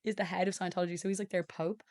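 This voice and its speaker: A woman's voice: fairly low pitch, level tone, rapid-fire, a little mellow. Chatty young woman podcaster. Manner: chatty, swears freely, trails off mid-sentence. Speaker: podcast co-host. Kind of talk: casual chat.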